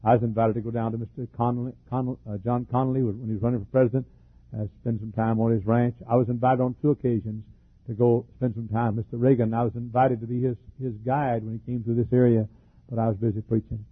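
An older man preaching a fervent sermon as pastor, with a husky, troubled voice, frequent coughs and repeated words. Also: mid-range voice, level tone, fast, dry recording. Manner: fervent preaching with repetitions and laughs. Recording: dry, phone-like lo-fi recording.

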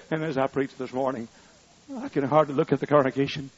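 An older man preaching a sermon, swinging between loud shouted appeals and quiet storytelling. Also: medium pitch, fast, breathy edge. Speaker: pastor. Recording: muffled, lo-fi.

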